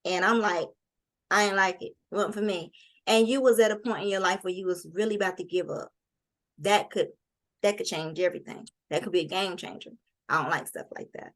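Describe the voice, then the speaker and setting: A woman hosting a casual interview, talking in quick animated bursts with colloquial speech. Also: on the low side. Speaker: interview host.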